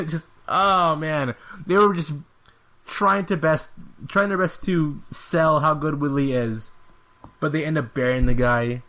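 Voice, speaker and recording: A man's voice: fairly high pitch, fairly even intonation, slow pace, bright, forceful tone. A man hosting a podcast, giving a casual, rambling fight review with an exasperated tone and lots of filler words. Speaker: podcast host.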